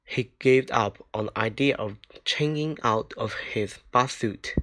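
Slow, careful man reading a storybook. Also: medium pitch, fairly bright tone. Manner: slow, careful reading with small slips and restarts. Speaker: reader. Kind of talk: reading a children's book aloud.

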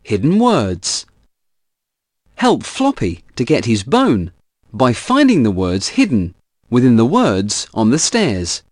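Man, teacher-style read-aloud of children's questions, very lively melody, dry close sound. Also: medium pitch, slow, dry recording. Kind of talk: reading out comprehension questions.

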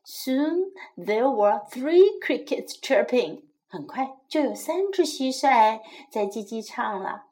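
Gentle woman reading a children's story. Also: fairly high pitch, sing-song, takes it slowly, hardly any pauses. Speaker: bilingual storyteller and English teacher.

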